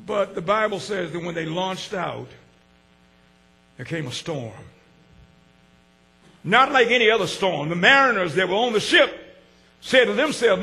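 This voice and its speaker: A man, preaching a sermon with call-and-response, swinging from shouts to hushed asides. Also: high voice, animated, measured pace, creaky, pauses often. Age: 60s. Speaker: pastor.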